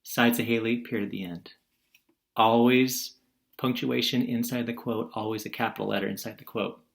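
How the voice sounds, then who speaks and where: A man's voice: mid-range voice, moderate pace, creaky. Playful male teacher quizzing his class. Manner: lively, asks the class questions and answers them; playful, acts out quotes in different voices. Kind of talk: recorded video lesson.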